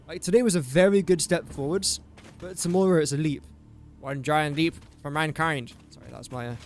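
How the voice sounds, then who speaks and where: A man's voice: fairly high pitch, a little mellow. A man talking to himself in casual gameplay commentary, rambling and easily sidetracked. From England. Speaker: gaming streamer.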